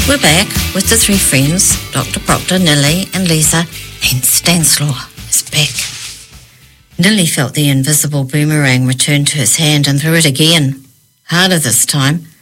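Low-pitched woman storyteller, expressive children's book reading. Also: moderate pace, faint music behind.

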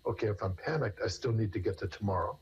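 A man's voice: fairly low pitch, fast talker, slightly rough, muffled recording. A man, a therapist, explaining in conversation with everyday examples in an earnest way. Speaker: therapist guest. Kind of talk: conversational interview answers.

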